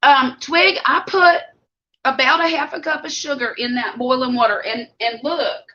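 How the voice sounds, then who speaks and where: A woman's voice: sits high, moderate pace, pushed and bright. A middle-aged woman with a Southern US accent, chatting casually with viewers on a live stream while she eats. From Mississippi Gulf Coast. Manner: chatty, homey, talks while eating. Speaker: vlog host. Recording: dull lo-fi live stream audio.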